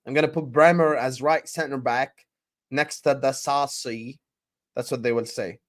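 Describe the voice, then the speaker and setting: A man's voice: mid-range voice, fairly even intonation, measured pace, a bit bright, lightly acted. A man mimicking a smug male club owner who boasts about his transfer plans in a mocking way.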